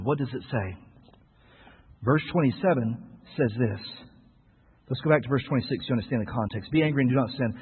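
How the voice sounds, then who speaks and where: A male pastor preaching a sermon, with emphatic swings between loud outbursts and quiet asides, rhetorical questions and playful humor. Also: mid-range voice, slightly rough. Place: church sanctuary. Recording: echoey hall on a tinny lo-fi recording.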